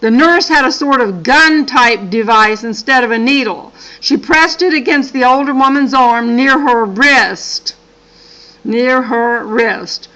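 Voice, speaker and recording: Bright-voiced grandmother reading earnestly. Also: high voice, unhurried, hardly any pauses, muffled recording. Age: older. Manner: earnest, apologetic asides while reading. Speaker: channel host. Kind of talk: reading a dream account aloud with asides.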